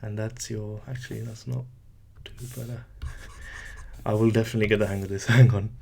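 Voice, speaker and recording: A man teaching a language lesson, explaining letter sounds slowly and patiently while writing, with light self-deprecating asides. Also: lowish voice, fairly even intonation, creaky, mellow, slight background noise.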